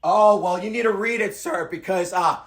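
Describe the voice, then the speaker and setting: On a speakerphone call, a high-pitched man argues heatedly at a moderate pace. He insists on his point, says the same things again, and cuts across the other person.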